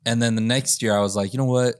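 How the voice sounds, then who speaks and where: Profane, animated male storyteller. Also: mid-range voice, fast talker, no echo, studio quality. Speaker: podcast host. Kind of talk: casual storytelling chat.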